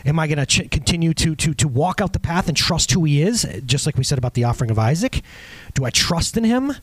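A male pastor preaching in a loose, conversational way, his pitch sitting a little high and swinging widely as he talks. He stops and restarts often and breaks off for asides. The sound is dry and close, with no room echo. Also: husky. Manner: animated, off-the-cuff, many restarts and asides. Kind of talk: conversational sermon.

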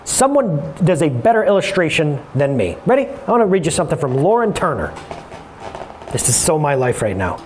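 A man in his thirties preaching a sermon in a conversational way, with jokey asides and quick self-corrections. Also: on the high side, very animated, darkish tone, a little hiss or hum. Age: 30s.

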